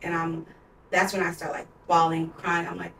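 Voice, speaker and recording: A woman's voice: fairly low pitch, completely flat delivery, normal speed, creaky, a bit bright, slight background noise. A young woman in her twenties, a podcast co-host, telling a personal story in a candid, emotional way, with heavy use of "like.". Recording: roomy sound, distant from mic.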